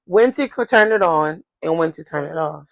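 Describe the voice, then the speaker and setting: A woman co-hosting a podcast in casual chat, animated and exclamatory, giving advice. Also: low voice, normal speed, gravelly. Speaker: podcast co-host.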